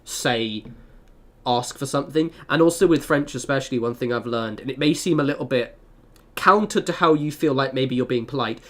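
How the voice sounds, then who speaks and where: Male gamer-streamer, mid pitch, chatty and rambling. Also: moderate pace. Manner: chatty, rambling, lots of fillers. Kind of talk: casual chat while gaming.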